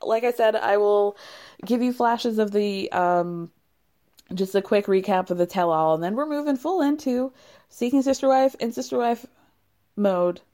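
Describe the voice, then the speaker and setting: A woman's voice: medium pitch, normal speed, dark tone. A woman hosting a casual recap of reality TV, chatty and giggly, cursing now and then. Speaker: podcast host recapping reality TV. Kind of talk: casual chat.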